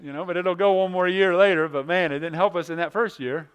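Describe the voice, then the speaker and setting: A man preaching a sermon as a pastor, moving between loud emphatic stretches and hushed ones, often repeating words as he goes. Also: high voice, steady tone, fast talker, clean tone.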